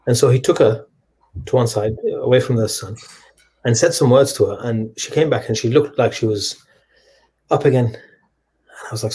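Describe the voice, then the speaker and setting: A man telling stories as a guest in a conversation, animated and full of restarts. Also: mid-range voice, normal speed, long pauses, slightly rough. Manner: animated storyteller with frequent restarts. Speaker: guest, humanitarian charity leader. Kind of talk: storytelling in a conversation.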